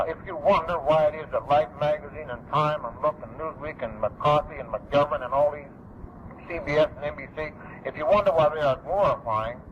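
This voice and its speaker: A middle-aged man giving an emphatic, repetitive public lecture, preserved on an archival recording. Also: medium pitch. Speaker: speaker. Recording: dull lo-fi archival recording with faint noise.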